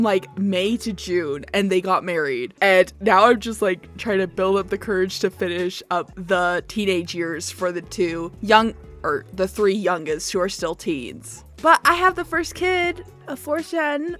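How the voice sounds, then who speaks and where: A young woman chatting casually over a game build, rambling and mocking herself with frequent laughs. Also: mid-range voice. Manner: rambling, self-mocking, giggly. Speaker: Sims builder and YouTuber. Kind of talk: casual voice-over chat over a speedbuild.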